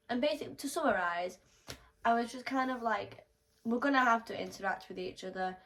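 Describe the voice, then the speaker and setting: A young woman telling a storytime vlog, animated and swearing freely as she acts out the quotes. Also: a little high, brisk, rough recording.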